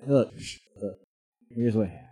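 A man's voice: lowish voice, a little slow, dark tone, slightly rough, faint music behind. A man co-hosting a comedy podcast, recapping news stories in a rambling, hesitant way full of fillers. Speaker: podcast co-host. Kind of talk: casual comedic chat.

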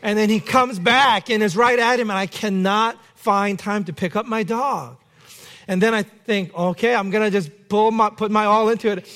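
High-voiced pastor telling a story. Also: male voice. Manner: animated anecdote with acted shouts. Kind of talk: sermon storytelling. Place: church.

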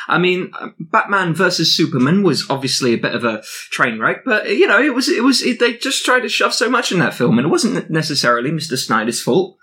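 Male co-host, higher, bright tone, jokey banter, animated. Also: fairly quick, few pauses. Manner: joking, playful, stumbles over words. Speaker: podcast co-host. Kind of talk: casual chat.

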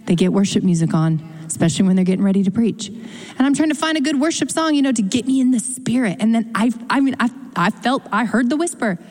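A woman pastor preaching a sermon in a lively, conversational way, acting out quotes with sudden jumps in her voice. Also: quick pace. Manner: animated, conversational, acts out quotes with big pitch jumps. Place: church. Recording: church hall reverb.

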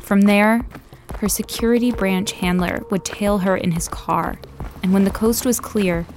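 A woman giving scripted podcast narration in a measured, clear storytelling delivery. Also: medium pitch, fairly even intonation, a little mellow, slight background noise. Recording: music bed under narration.

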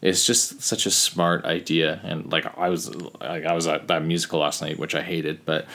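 Casual podcast co-host, a man with a deep voice, rambling and chatty, laughs easily. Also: flat delivery, moderate pace, sharp tone. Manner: rambling, many fillers, laughs often. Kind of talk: casual chat.

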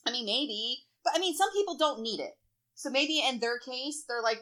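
Woman, casual chat, frank and supportive; bright tone. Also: a little high, big pitch swings, fairly quick.

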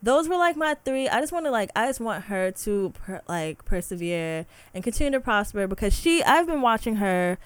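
A woman's voice: medium pitch, very animated, moderate pace, few pauses, clean tone, no echo. Heated woman ranting on a podcast. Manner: impassioned, heated, frequent "like" fillers. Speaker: podcast host. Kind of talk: casual solo podcast rant.

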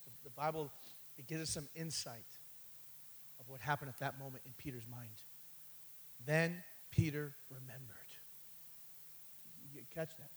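A man preaching a sermon, calling out "amen" and "catch this" as he builds from quiet asides to loud, high passages. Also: slight background noise, poor audio. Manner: calls for response with "amen" and "catch this".

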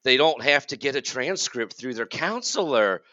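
A man's voice: mid-range voice, lively intonation, moderate pace, bright, forceful tone, no echo, muffled recording. A man in his forties, a college counselor co-hosting a podcast, ranting in an exasperated, sarcastic way. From United States. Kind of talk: casual podcast rant.

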